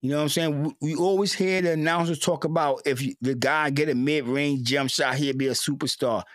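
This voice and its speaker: A man's voice: fairly high pitch, steady tone, fairly quick, a bit bright, no echo, clean studio sound. A man giving an emotional, repetitive sports rant as a fan commentator, stammering at times.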